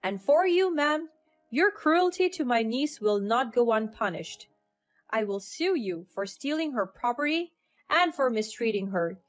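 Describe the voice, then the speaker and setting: A woman's voice: fairly high pitch, very animated, measured pace, soft background music. A woman voicing a stern, protective older uncle in a storytelling narration, speaking firmly. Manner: firm, commanding.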